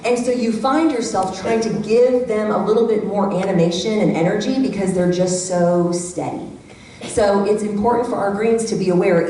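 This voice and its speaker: A middle-aged woman giving a lively workshop talk to a live audience, acting out the voices she quotes. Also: medium pitch. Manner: animated, acts out quoted voices. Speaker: workshop speaker. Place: church hall. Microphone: handheld microphone. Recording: echoey hall from far off, faint background hum.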